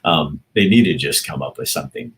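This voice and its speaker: A man's voice: a bass voice, lively intonation, a little fast, fairly bright tone. A man hosting a livestream, chatting casually and reading out viewer comments, often rambling and breaking off mid-sentence with laughs. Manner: rambling and self-interrupting, with laughs. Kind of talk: casual chat.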